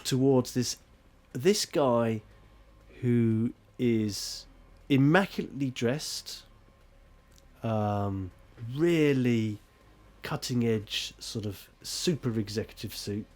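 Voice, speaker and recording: At a slow pace and medium pitch, a man narrates scenes as game master of a tabletop role-playing game. He rambles animatedly and pokes fun at himself along the way.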